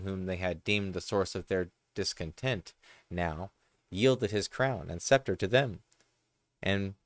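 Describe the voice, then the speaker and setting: Male reader for parables; deep, unhurried, occasional slips. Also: no room sound. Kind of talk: reading parables aloud.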